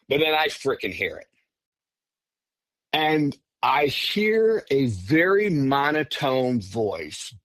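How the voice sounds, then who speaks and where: A man telling his own story as a podcast guest in a casual, animated way, often breaking off and restarting. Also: mid-range voice, no echo. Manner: animated, self-interrupting, says "frickin'". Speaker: podcast guest recounting encounters.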